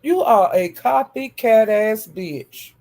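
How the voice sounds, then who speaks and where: Woman commentator, rough fry-laced voice, nonstop cursing call-out rant. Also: on the high side, takes it slowly, darkish tone. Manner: profane, scolding, repetitive insults. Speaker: YouTube commentator. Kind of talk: ranting commentary.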